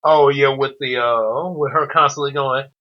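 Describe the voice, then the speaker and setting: A man's voice: mid-range voice, steady tone, moderate pace. A man hosting a casual chat, talking hesitantly with lots of "uh" and "um" fillers. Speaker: host. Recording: dull lo-fi audio.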